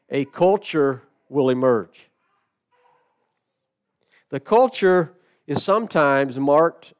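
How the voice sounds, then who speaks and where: A middle-aged man delivers a sermon from the pulpit. His voice sits a little high for a man and stays smooth and resonant. He tells stories with dramatic drops to near quiet and bursts of loud emphasis. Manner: storytelling with dramatic shifts in loudness and slow emphatic phrasing. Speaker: pastor.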